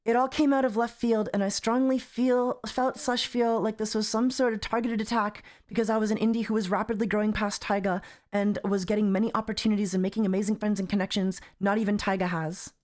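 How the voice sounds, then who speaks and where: A woman's voice: medium pitch, steady tone, brisk, hardly any pauses, a little mellow. A woman streamer reacting on a live stream, rambling and exasperated, repeating herself as she talks. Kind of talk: casual livestream commentary.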